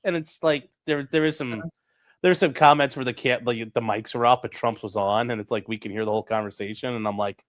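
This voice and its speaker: A man's voice: mid-range voice, steady tone, fast talker, fairly bright tone. A man co-hosting a casual political podcast, talking animatedly, swearing and mimicking people with mocking voices. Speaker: podcast co-host.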